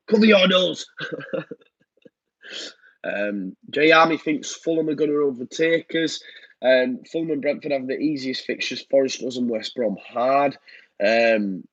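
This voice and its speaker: Casual live-stream host, thirties, husky and nasal from a cold, dull lo-fi mic. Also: male voice, mid-range voice, dry recording. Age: 30s. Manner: rambling, frequent ums and repeats. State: blocked nose, downbeat. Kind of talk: casual live-stream chat reading comments. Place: home room.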